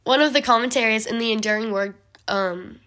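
A young woman giving a casual bible study talk, chatty and full of fillers, often clearing her throat. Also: fairly high pitch, brisk, a bit bright.

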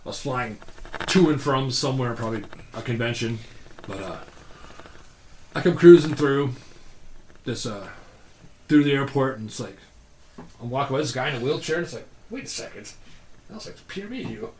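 A man casually telling stories on a podcast, animated and laughing often, acting out other people's lines. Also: mid-range voice, normal speed, pauses often, reverberant, slight background noise. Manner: animated, acts out quoted voices, laughs often. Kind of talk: casual storytelling chat.

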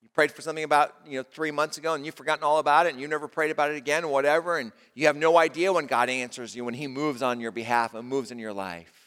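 A male pastor delivers a sermon in a slightly higher register than most men. He sinks into soft, low passages, then climbs back up with emphasis. A long reverb from a large hall follows every phrase. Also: steady tone, fast talker, few pauses, clean tone. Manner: dynamic preaching, drops to soft low tones and rises with emphasis.

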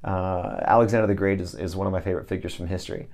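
A man with a very low, warm and mellow voice speaks as a guest in an interview. He talks earnestly, in a preacher-like way, telling stories and quoting scripture. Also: steady tone, quick pace. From Texas. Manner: earnest, storytelling with scripture quotes. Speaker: ministry leader, guest.

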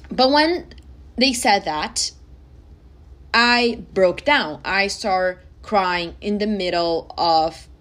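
A young woman talks straight to her listeners in a podcast monologue. Her voice sits at an ordinary middle pitch. She sounds earnest, heartfelt and personal. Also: a bit bright. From Brazil. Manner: earnest and emotional, speaking directly to listeners. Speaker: podcast host.

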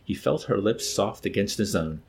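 A man's voice: fairly low pitch, animated, moderate pace, vocal fry, a little hiss or hum. A man reading a novel aloud and then discussing it in a hesitant, thoughtful way.

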